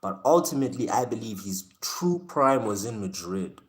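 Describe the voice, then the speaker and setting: Lowish and expressive, this South African streamer's voice moves at a moderate pace as he chats casually with viewers. He jokes, uses slang, laughs a lot, and addresses the chat directly while reacting to it.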